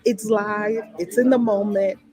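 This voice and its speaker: A woman's voice: mid-range voice, fairly even intonation, unhurried, a little mellow, poor audio. A woman acting as spiritual teacher, giving a live, heartfelt and chatty talk and prayer reading into a laptop's built-in mic. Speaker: spiritual teacher leading a daily lesson.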